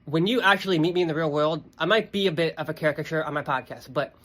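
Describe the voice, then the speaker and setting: Brash, bright-voiced young podcast man. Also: fairly high pitch, fast. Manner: emphatic, profane, repeats "okay" and "you guys". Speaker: podcast host. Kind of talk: casual monologue.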